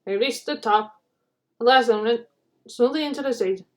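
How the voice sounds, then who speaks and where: A woman reading a children's storybook aloud, narrating in an animated, dramatic way. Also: fairly high pitch, moderate pace. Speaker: storybook reader.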